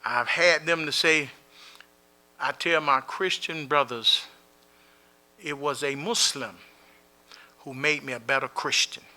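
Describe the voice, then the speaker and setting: High, forceful-voiced man telling stories. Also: steady tone, takes it slowly, pauses often. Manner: plainspoken storytelling, acting out dialogue in scenes; earnest, repeating key phrases for emphasis. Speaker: Muslim prison chaplain. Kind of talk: motivational talk to a community gathering.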